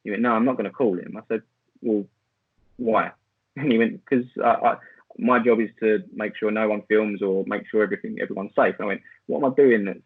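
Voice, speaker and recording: A man's voice: on the low side, steady tone, a little fast, breathy edge, no echo. A man, a podcast guest who tells a story in a rambling way, full of fillers and restarts. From Essex, England. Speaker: podcast guest, football video maker. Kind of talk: casual storytelling chat. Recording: tinny phone-like line, dry.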